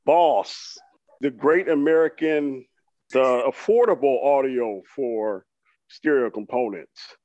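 A man co-hosting a podcast, delivering a comedic rant in an animated, mock-boastful way and acting out his own excitement. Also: mid-range voice, takes it slowly, dry recording, muffled recording. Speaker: podcast co-host.

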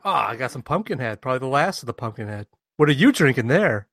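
A man's voice: medium pitch, sing-song, fast talker, a bit bright. A man co-hosting a podcast, joking often, laughing and swearing in casual chat. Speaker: podcast co-host.

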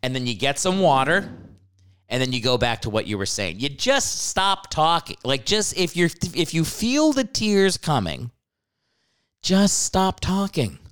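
A man's voice: on the high side, big pitch swings, unhurried, a bit bright, clean tone. A married man hosting a comedy podcast, ranting with joking asides and casual swearing. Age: adult, married. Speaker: podcast host.

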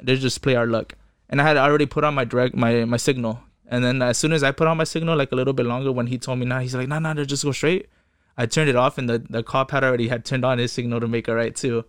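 A man's voice: medium pitch, steady tone, quick pace, smooth, dry recording, clean studio sound. A young man telling his own story in casual talk, profane and rambling, acting out what others said. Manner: profane, quotes people in voices, rambling restarts.

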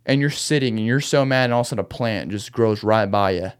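A man's voice: lowish voice, fast talker, clear, resonant tone. A man hosting a podcast, retelling a Bible story in a loose, chatty way with slangy asides. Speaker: podcast host.

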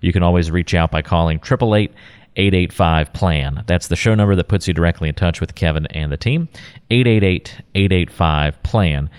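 A man hosting a radio talk show, moving from smooth scripted lead-ins to light jokey asides. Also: low-pitched, moderate pace.

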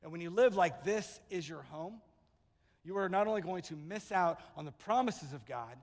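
A man preaches from the pulpit, his voice sitting high for a man. He tells stories and swings between loud proclaiming and hushed retelling. The sound carries the long reverb of a large church hall. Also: animated, moderate pace. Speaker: pastor. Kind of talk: sermon.

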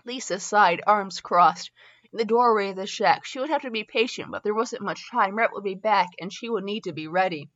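A woman hosts a reading show and narrates a story aloud in a bright, clear voice. She restarts words when she trips over them and breaks off into comic asides. The sound is a little dull and lo-fi. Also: mid-range voice, normal speed. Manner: stumbles and restarts on words, laughs at herself. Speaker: podcast host reading fanfiction aloud.

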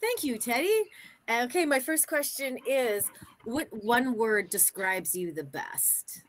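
A woman's voice: on the high side, animated, slow pace. A woman co-hosting a casual talk show, asking the guest questions in an upbeat, giggly way. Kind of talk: casual chat.

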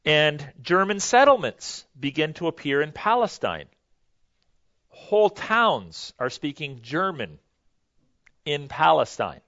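A man teaching a history lesson in a loose, conversational way, pausing with fillers and correcting himself as he goes. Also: on the high side, big pitch swings, fairly bright tone, dry recording, muffled recording. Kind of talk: history lecture to a class.

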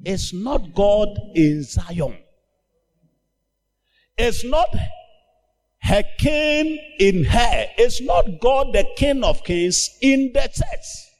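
A man preaching with a notably high voice and a slow, drawn-out pace. He delivers an emphatic sermon as pastor, rising into loud shouted commands in bursts. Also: big pitch swings, in a large hall.

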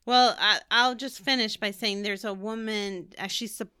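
A woman's voice: medium pitch, fairly even intonation, normal speed, pushed and bright, clear, resonant tone, no room sound, clean studio sound. A woman co-hosting a podcast in casual chat, telling a rambling story, laughing and correcting herself. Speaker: podcast co-host.

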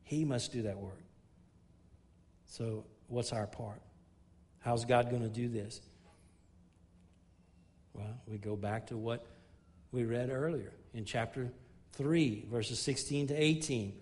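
Preaching at a measured pace with frequent pauses, a middle-aged pastor delivers his sermon earnestly. He drives his points home with repeated and restarted phrases and lowers his voice when he turns to storytelling.

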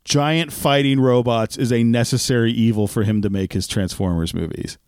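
A man's voice: mid-range voice, steady tone, moderate pace, a little mellow, clean tone, no room sound, clean studio sound. A man co-hosting a podcast in casual chat, rambling and restarting as he tells a story. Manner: rambling, self-interrupting storyteller. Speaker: podcast co-host.

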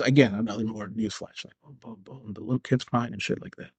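A man's voice: on the low side, steady tone, a little fast, few pauses, breathy edge, no echo. A man in his thirties hosting his own podcast, talking in a casual, profane, rambling way and often slipping into voices for imagined dialogues. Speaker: podcast host. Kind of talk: casual solo commentary.

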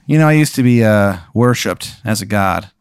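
A man putting on the voice of a creepy male clown who rules a dreamscape, slow and drawn out. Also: on the low side, lively intonation, clean tone, no room sound, studio quality.

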